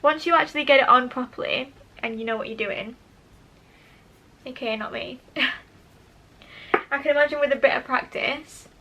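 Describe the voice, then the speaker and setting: A woman's voice: high-pitched, moderate pace, long pauses, highs cut off. A young woman chatting to camera while testing make-up, enthusiastic and self-deprecating. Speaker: beauty vlogger. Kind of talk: casual make-up tutorial chat. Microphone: camera mic, talking to camera.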